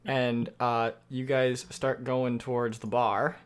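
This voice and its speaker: A man narrating as dungeon master, speaking quietly and hesitantly with many fillers. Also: medium pitch, little pitch movement, takes it slowly, clean tone. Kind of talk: narrating a tabletop game. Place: home room at night.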